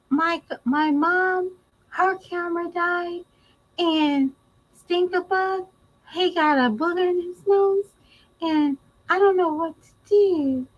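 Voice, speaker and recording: A woman's voice: extremely high pitch, lo-fi sound, pitched above the performer's own voice. A woman putting on a mocking, whiny voice of a young woman pleading for gifts.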